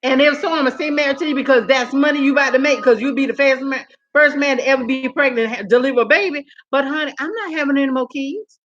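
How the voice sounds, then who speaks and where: Chatting casually with her live chat, a sassy, animated woman vlogger laughs a lot and calls viewers "girl" and "honey." Her high voice comes quickly, with few pauses. The phone-camera recording has dull audio.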